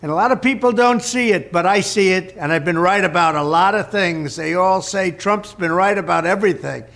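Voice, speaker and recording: A politician making a recorded public statement in a boastful, declaring manner. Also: male voice, high voice, fairly quick, vocal fry, fairly bright tone.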